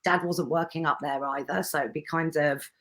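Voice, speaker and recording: A woman's voice: deep voice, steady tone, normal speed, a bit bright. A woman, chatting as a podcast guest, rambling with fillers and laughing often. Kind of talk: casual chat.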